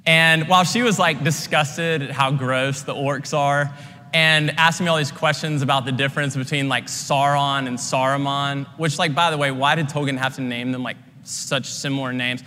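Earnest young pastor with a bright voice. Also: male voice, medium pitch, steady tone, normal speed, in a large hall. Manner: earnest, conversational, frequent "like" fillers. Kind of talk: sermon.

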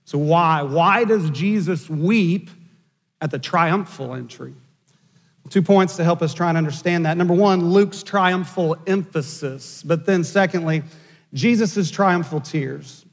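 A man pastor delivering a sermon, telling a story with dry asides and measured, emphatic phrasing. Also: on the high side, long reverb tail.

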